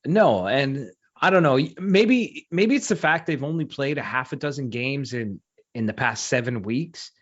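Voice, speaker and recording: A man co-hosting a casual podcast who thinks out loud, often hedging with "I don't know" and "maybe." His voice is mid-pitched and ordinary. The sound is dull and lo-fi. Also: lively intonation, a little slow, slightly rough. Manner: thoughtful, hedging, reasoning aloud. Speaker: podcast co-host. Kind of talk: casual chat. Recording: muffled lo-fi podcast audio.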